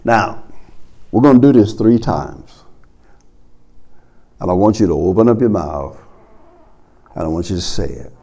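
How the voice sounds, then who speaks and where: Lively, slow-preaching male pastor. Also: vocal fry. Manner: preaching with sweeping swings between loud calls and low murmurs. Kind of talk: sermon.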